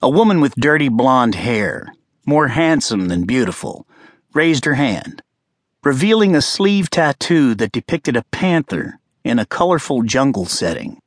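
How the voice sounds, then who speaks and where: A man narrating an abridged crime thriller audiobook in a steady, grave storytelling manner. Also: medium pitch, a little slow, no echo, studio quality. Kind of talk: scripted narration.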